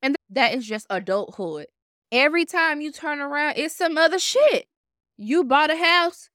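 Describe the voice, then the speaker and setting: A woman in her twenties hosting a podcast, telling her story in a blunt, profane, animated self-help monologue. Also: a little high, smooth, no echo, studio quality. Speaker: podcast host.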